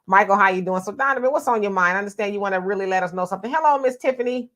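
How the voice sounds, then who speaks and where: A woman hosting a livestream, greeting viewers by name and reading out their comments in a relaxed way. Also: mid-range voice, fast. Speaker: host.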